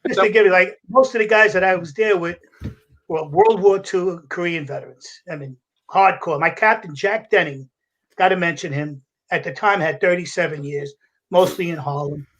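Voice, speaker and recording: An older man, a retired fire captain telling gruff, animated stories as a podcast guest. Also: high voice, normal speed. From United States. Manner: animated storyteller with a gruff, salty edge, acting out voices and laughing. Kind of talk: casual storytelling.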